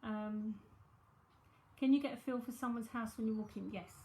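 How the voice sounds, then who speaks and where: A woman's voice: fairly high pitch, steady tone, normal speed, darkish tone, slight background noise. Chatty London woman in an echoey room. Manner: chatty, rambling, thinking aloud with many fillers. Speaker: psychic medium. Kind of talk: live-streamed reading, casual chat.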